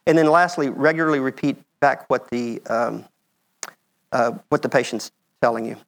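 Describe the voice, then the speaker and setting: Middle-aged American man presenting slides; easygoing, chatty lecturer, mid-range pitch. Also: moderate pace, gravelly. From United States. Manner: conversational, checks in with "okay?". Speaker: medical mission speaker. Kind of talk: conference talk with slides.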